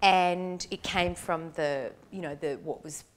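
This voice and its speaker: A middle-aged Australian woman, chatty and self-deprecating, answering quick questions as an interview guest. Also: fairly low pitch, slight background noise. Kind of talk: casual chat.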